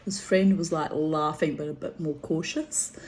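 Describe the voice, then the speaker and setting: Older woman, vlogger, low-ish voice, rambling and giggly anecdotes. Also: steady tone, moderate pace, a little mellow, a little hiss or hum. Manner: chatty, laughs often, lots of fillers. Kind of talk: rambling personal storytelling.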